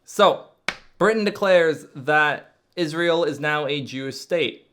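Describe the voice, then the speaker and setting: A man's voice: on the high side, takes it slowly, a bit bright, slight background noise. A man casually explaining history to viewers, with joking, sarcastic asides.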